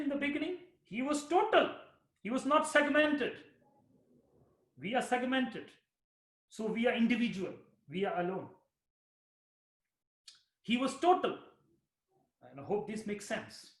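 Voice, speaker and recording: Male spiritual teacher, storytelling, slow, dramatic, lively high voice, echoey room. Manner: slow, dramatic, repeats lines for effect. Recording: roomy echo.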